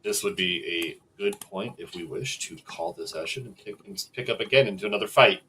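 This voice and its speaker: A man narrating a tabletop game as game master, relaxed and hesitant with many fillers. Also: sits low, a little fast, background noise.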